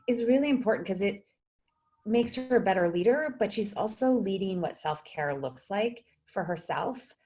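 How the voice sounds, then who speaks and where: A woman's voice: mid-range voice, animated, moderate pace, a little mellow. A woman psychologist, a guest in a video interview, speaking thoughtfully with frequent fillers and restarts.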